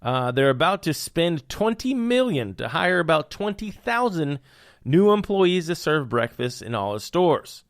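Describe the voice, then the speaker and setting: A man's voice: a little high, very animated, unhurried, no echo, clean studio sound. A young man hosting a podcast, riffing on news with puns and hyped, jokey asides. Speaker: podcast host. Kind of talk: comedic news commentary.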